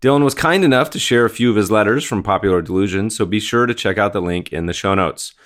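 Quick-paced and fairly bright in tone, this American man's fairly low voice carries his podcast as host. He's upbeat and chatty, welcoming a guest, delivering an ad read, and cracking jokes in relaxed conversation.

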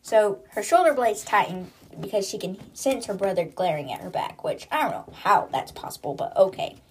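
A woman's voice: medium pitch, very animated, normal speed, a little hiss or hum. A woman hosting a book podcast, retelling the chapters casually in her own words and chatty manner. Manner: chatty, "she's like" storytelling.

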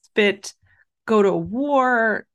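A woman's voice: fairly high pitch, expressive, drawn-out words. A woman co-hosting a casual chat, recapping a film with laughs. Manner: chatty, laughs while telling. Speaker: podcast co-host.

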